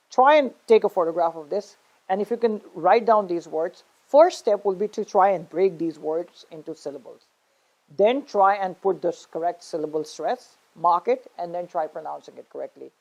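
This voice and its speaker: A woman's voice: mid-range voice, a little mellow, low-quality recording. A woman teaching an online English pronunciation lesson. She explains patiently and often checks in with "okay?".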